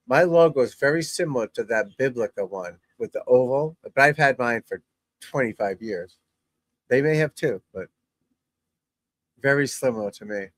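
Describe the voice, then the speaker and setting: A man's voice: medium pitch, no room sound. Blunt, rambling middle-aged man, dry sound. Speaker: golf instructor and channel host. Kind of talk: casual chat while watching golf on TV.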